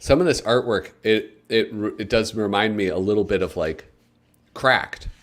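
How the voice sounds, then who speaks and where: A man's voice: fairly low pitch, normal speed, a bit bright. A man hosting a casual livestream, rambling and chatting with his viewers with plenty of fillers. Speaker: livestream host. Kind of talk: casual live commentary.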